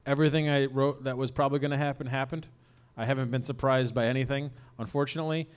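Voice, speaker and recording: A man's voice: mid-range voice, fairly even intonation, fast, clear, resonant tone. A man hosting a podcast, chatting casually and trading sarcastic, ironic jokes with his guest. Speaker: podcast host. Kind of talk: casual comedic chat.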